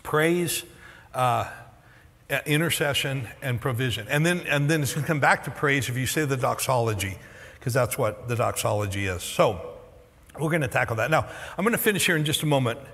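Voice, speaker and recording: A middle-aged man preaching a sermon as pastor, animated and joking, his voice going hoarse. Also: medium pitch, moderate pace, long reverb tail. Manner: animated, joking, acts out quoted reactions. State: losing his voice. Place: church auditorium.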